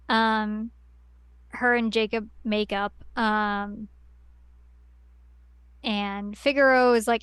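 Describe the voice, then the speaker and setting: A woman's voice: on the high side, flat delivery, takes it slowly, long pauses, a bit bright, clean tone, dry recording. A woman on a podcast, casually recapping a story at length with lots of fillers and restarts. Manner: rambling plot recap with many fillers. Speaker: podcast co-host. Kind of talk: casual chat.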